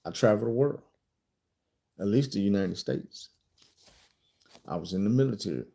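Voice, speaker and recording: A middle-aged man, telling a story in a casual storytime style. His voice is gravelly and mellow. He is blunt and profane, with an animated way of talking. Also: lowish voice.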